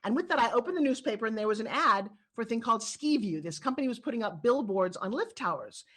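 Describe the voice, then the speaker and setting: A middle-aged woman from New York with a New York accent, telling stories as an animated, emphatic interview guest. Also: a little high, fast talker, breathy edge. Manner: animated storyteller, lively and emphatic. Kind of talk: candid interview talk.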